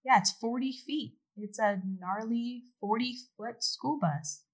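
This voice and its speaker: A middle-aged woman from Oregon, guesting on a podcast, tells animated stories in casual chat, laughing often and swearing now and then. Her voice is on the high side and she speaks slowly, on a rough recording.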